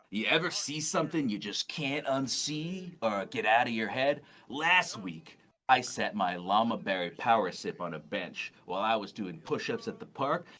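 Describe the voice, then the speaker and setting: A drawling, laid-back young surfer guy, voiced by a man as game dialogue read out loud. He rambles slowly and keeps calling people "man", and his voice swings up and down a lot. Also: fairly low pitch, heavily acted. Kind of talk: reading game dialogue aloud.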